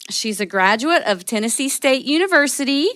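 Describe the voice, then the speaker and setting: Lady cohost reading a proud guest intro, slightly high voice, dry close sound. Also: expressive, fairly quick, a bit bright, no echo. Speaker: podcast co-host.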